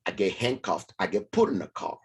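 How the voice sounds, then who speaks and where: A man whose first language is French, telling a lively story as an interview guest and acting out the voices of the people in it. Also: fairly low pitch, fairly quick, breathy edge. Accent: French-speaking African. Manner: animated, acts out voices in his story.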